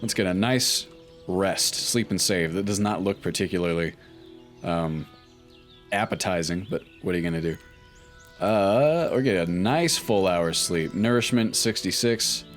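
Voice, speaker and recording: A man with a very low voice giving easygoing let's play commentary, musing aloud and pausing with ums as he plays. Faint game music runs under his talk. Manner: relaxed, thinking aloud with frequent ums. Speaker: gaming YouTuber.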